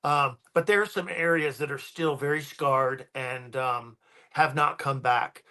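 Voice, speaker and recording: A man's voice: medium pitch, steady tone, a little slow, sharp tone. A man, a guest paranormal researcher, telling stories in a casual podcast chat and rambling with many ums and restarts.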